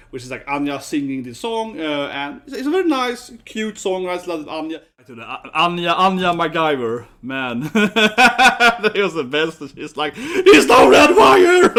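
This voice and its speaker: A man's voice: on the high side, pushed and bright. A man gushing enthusiastically about an anime he loves. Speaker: anime reactor.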